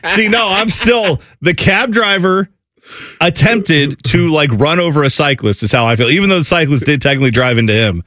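A man's voice: on the high side, lively intonation, normal speed, bright, forceful tone, dry recording. Male radio co-host, easygoing rambling talk, dry studio mic. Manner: rambling, self-mocking. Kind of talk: casual morning radio chat.

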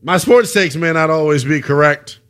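A man's voice: a little high, normal speed. A man hosting a sports radio show, joking around and signing off the night's program. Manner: playful, joking, lively delivery. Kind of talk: casual radio chat and show sign-off.

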